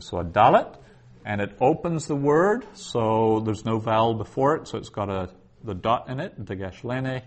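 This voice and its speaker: A man teaching a Hebrew lesson, explaining slowly and thinking aloud with frequent restarts. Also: fairly low pitch. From the West. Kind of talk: lecture on Biblical Hebrew.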